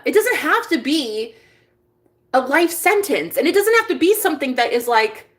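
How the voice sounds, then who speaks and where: A woman's voice: sits high, moderate pace. Chatty woman, swearing freely. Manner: chatty, swearing, restarts, swings from hushed to excited. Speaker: vlogger and manifestation coach. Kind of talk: casual confessional monologue.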